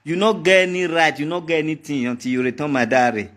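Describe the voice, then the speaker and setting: A man's voice: on the high side, quick pace, a bit bright. A man with a Nigerian accent giving a heated monologue to the camera, taunting and mocking, repeating his threats over and over. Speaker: vlogger.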